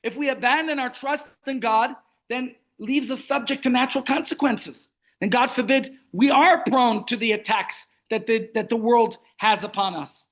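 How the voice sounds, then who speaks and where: A man's voice: very high voice, moderate pace. A man teaching a Torah class over a video call, telling stories and asking rhetorical questions. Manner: storytelling, rhetorical questions, animated. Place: online meeting.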